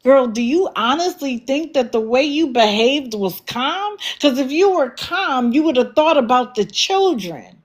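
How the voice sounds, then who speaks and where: A woman's voice: high-pitched, expressive, a little slow, few pauses. Blunt, scolding woman livestream host. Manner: blunt, scolding, sarcastic rhetorical questions. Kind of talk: commentary livestream.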